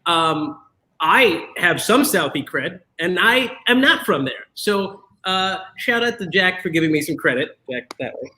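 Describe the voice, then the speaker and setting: Joking man with a bright voice. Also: high voice, animated, unhurried, low-quality recording. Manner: joking, teasing. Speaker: co-host. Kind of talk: casual chat.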